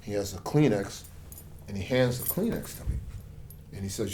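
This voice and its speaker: A man's voice: fairly low pitch, moderate pace, slight background noise. A middle-aged man from the United States, an author telling his story as an interview guest with passion and acted-out dialogue. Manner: passionate, animated storyteller who acts out quoted dialogue. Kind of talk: conversational storytelling.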